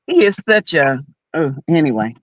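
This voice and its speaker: A woman's voice: sits low, big pitch swings, normal speed, no echo, rough recording. A woman panelist on an online talk show, giving blunt, emphatic opinions in casual chat.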